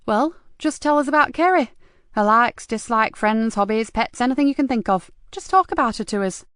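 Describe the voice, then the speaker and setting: A woman's voice: on the high side, lively intonation, normal speed, clear, resonant tone, no echo, clean studio sound, pitched above the performer's own voice. Woman reading as a blunt, tough female detective. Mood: probing. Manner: blunt, forceful.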